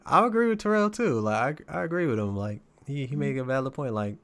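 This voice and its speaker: Man, halting blunt podcast chat. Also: medium pitch, lively intonation, slight background noise. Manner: halting, repeats himself, blunt swearing. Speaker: podcast co-host. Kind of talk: casual chat.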